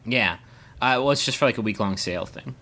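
A young man co-hosting a casual comedic podcast chat, telling jokey stories with sudden high-pitched asides. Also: fairly quick, pushed and bright. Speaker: podcast co-host.

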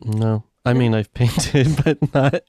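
A man co-hosting a comedy podcast, teasing and relaxed. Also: mid-range voice, takes it slowly, no echo. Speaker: co-host. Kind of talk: casual comedy podcast chat.

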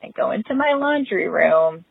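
A woman's voice: mid-range voice, expressive, normal speed, creaky, slightly rough, no echo. A mother leaving a voicemail, telling a rueful, self-mocking story about her own parenting slip. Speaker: caller. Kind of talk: voicemail confession. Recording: tinny phone-line voicemail.

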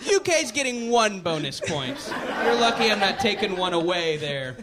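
A man with a high, bouncing voice hosts a live comedy quiz, reading questions and riffing on them. The recording is noisy, with a live venue all around him. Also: very animated, moderate pace. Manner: jokey, reads questions then riffs. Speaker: quiz show host. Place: live stage show before an audience.

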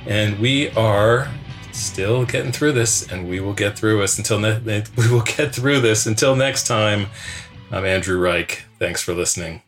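A man hosting a podcast, reading stage directions and then signing off in a relaxed, conversational way. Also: lowish voice, unhurried, soft background music. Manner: relaxed, conversational, some restarts. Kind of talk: scripted narration and podcast sign-off.

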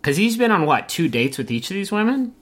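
Brief: male podcast co-host, lively pitch, jokey and animated. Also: a little fast. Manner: animated, joking, swings into high mock voices. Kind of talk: casual chat.

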